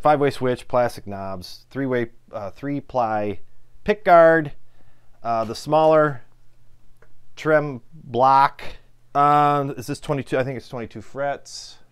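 A man with a Midwestern American accent reviewing a guitar in a relaxed, chatty way, filling pauses with ums and uhs. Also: mid-range voice, smooth. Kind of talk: casual product review.

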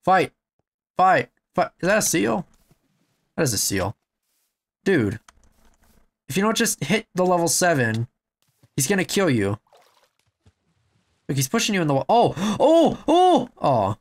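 A young man commentating his game, excitable and swearing, shouting at what happens on screen. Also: fairly high pitch, unhurried, long pauses. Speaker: gamer. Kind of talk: let's play commentary.

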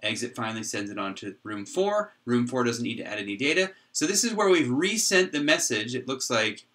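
A man's voice: mid-range voice, very animated, a bit bright. Man explaining code at a whiteboard, distant. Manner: thinking aloud, frequent restarts and pauses. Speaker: software developer explaining his code. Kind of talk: whiteboard tutorial. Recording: voice from a distance off the mic.

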